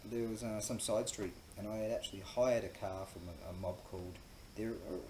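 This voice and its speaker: A man's voice: on the low side, fairly even intonation, a little fast, a little mellow. A man with an Australian accent telling a rambling, profane story in a casual monologue, full of fillers and laughing at himself. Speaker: host. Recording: echoey room with faint ambient noise.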